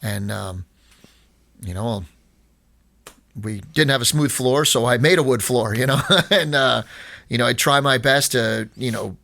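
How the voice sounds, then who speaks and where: Gravelly man rambling through a story. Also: mid-range voice, a little slow, long pauses, sharp tone, no echo. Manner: rambling, many restarts and fillers, retells exchanges with quoted dialogue. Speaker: skatepark owner, podcast guest. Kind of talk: casual storytelling chat.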